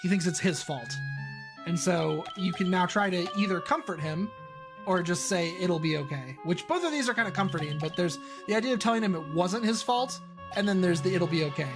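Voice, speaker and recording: A man's voice: high-pitched, brisk, over music. A man streaming the development of his own game, rambling through casual explanations of how it plays. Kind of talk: casual livestream commentary.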